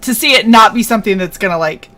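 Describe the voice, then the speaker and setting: A woman hosting a casual chat, telling stories in an animated way and acting out what people said. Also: mid-range voice, fast. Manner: animated storyteller, acts out quotes. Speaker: host.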